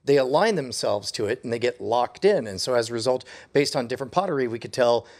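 A man's voice: mid-range voice, lively intonation, fast, darkish tone. A man co-hosting a casual podcast chat, hesitant, full of fillers and restarts. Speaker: podcast co-host.

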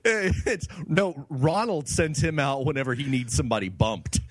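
A man on a podcast dropping short quick-witted jokes in a casual chat. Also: medium pitch. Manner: quick-witted, drops short deadpan quips.

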